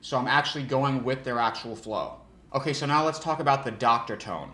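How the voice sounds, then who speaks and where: A man's voice: medium pitch, fairly quick. Man coaching sales in an echoey room. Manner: energetic coaching, with frequent restarts and demonstrated tones. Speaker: sales trainer. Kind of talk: instructional talk.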